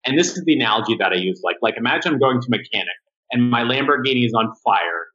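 A man with a medium-pitched voice talks fast on a muffled recording. He's a guest on a podcast, chatting casually about the marketing agency he owns and animatedly acting out quotes as he tells his stories.

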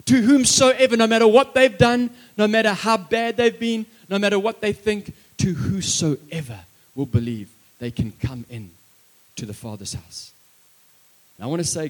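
A man preaching a sermon and telling a story, impassioned, swinging between loud emphasis and hushed lines, with chatty asides to the congregation. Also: medium pitch.

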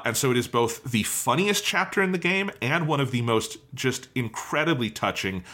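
A man's voice: lowish voice, sharp tone. A man co-hosting a podcast, reviewing a game in a casual, enthusiastic, rambling way with lots of fillers. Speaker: podcast co-host.

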